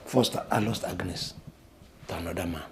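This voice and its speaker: A man's voice: low voice, moderate pace, slight background noise, close to an everyday voice. An actor with a Nigerian English accent playing an anxious, complaining young man who believes he is cursed. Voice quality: worried, complaining.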